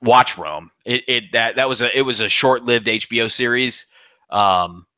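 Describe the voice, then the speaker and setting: A man co-hosting a casual movie chat, excitable and profane, often stumbling and restarting. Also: medium pitch, moderate pace, no room sound. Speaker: podcast co-host.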